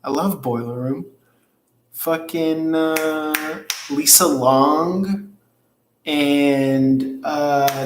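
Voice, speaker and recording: This fairly high-pitched man draws out his words in a steady tone while hosting a tarot livestream, reading viewer comments in a loose, rambling way full of swearing. Background noise is present, along with a roomy echo and faint ambience.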